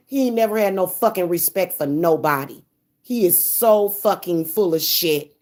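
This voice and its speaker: A woman's voice: lowish voice, moderate pace, darkish tone. A young woman venting angrily in a vlog, cursing heavily and stumbling over repeated words when upset. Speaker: spiritual reader and vlogger. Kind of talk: angry, profane venting monologue.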